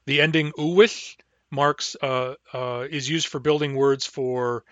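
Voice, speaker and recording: A man teaching a language class online, sounding out words slowly and carefully, syllable by syllable. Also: medium pitch, steady tone, no room sound, highs cut off. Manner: slow, careful, deliberate pronunciation.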